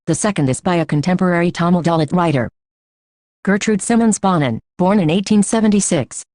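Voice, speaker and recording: Woman narrator for a textbook audiobook, low pitch, dry close sound, steady delivery. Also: dry recording. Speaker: audiobook reader. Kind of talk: reading a school textbook aloud.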